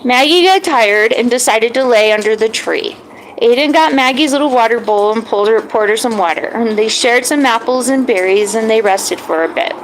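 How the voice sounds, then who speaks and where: A woman tells a children's story in a gentle, animated way. Her voice sits high. A faint hiss runs under the recording. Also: normal speed, rough recording.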